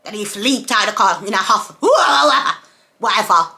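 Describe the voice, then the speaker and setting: Emphatic woman ranting to camera, bright voice. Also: medium pitch, very animated, a little slow. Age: adult, mother of several children. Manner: repetitive, emphatic, ranting with rhetorical questions. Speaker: vlogger. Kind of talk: casual monologue to camera.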